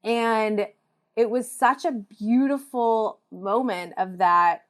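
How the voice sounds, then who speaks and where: A woman's voice: medium pitch, measured pace. Reflective woman telling a personal story. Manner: reflective storytelling, frequent "like" fillers. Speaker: podcast guest. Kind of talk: casual conversation.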